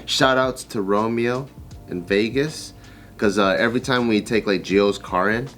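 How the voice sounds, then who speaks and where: A man telling casual stories on a podcast in a quick, rambling way, full of "like". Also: on the low side, a bit bright, soft background music. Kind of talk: casual storytelling.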